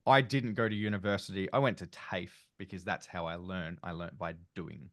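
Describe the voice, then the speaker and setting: An Australian man hosts a casual online panel, his voice sitting fairly low. He talks in a loose, rambling way full of fillers and restarts. The sound is dry and close, as on a video call. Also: fairly even intonation, normal speed, a bit bright, no room sound. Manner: chatty, rambling with many fillers. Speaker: panel host.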